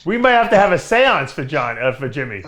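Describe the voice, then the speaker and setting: A fairly high, lively man teases his guest in loose podcast banter, laughing along. A clear hiss of noise sits under his voice throughout. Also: a little fast. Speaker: podcast host. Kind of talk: casual banter.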